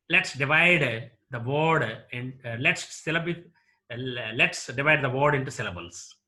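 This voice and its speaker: Indian English lecturer, male, slightly high and bright voice, very slow and deliberate delivery. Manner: deliberate, repeats example words slowly. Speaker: college English teacher.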